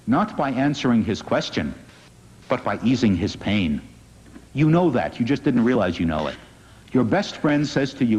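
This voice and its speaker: A man, a rabbi, giving an inspirational public talk in an earnest, gently wry storytelling manner. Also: mid-range voice, very animated, moderate pace, breathy edge. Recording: dull lo-fi recording in a reverberant hall.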